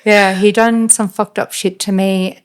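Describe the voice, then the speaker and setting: Aussie woman on a podcast, flat monotone, lots of um and like. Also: mid-range voice, clean tone. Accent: Australian. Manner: flat, halting retelling with many fillers. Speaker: podcast guest. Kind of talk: casual storytelling.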